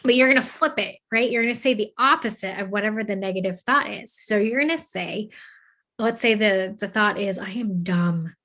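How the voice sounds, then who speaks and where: A woman hosting a self-help talk, earnest and encouraging, often checking in with "okay?" and "right?" and slowing down to recite affirmations. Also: medium pitch, pushed and bright. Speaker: host of a self-help channel.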